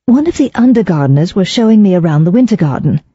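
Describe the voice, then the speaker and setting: Spirited young gentlewoman, crisp delivery, dull dry audio, narrator reading. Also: mid-range voice, lively intonation, dry recording, voice pushed up. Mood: brisk. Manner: brisk, crisp, a little tart. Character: spirited young aristocratic woman writer.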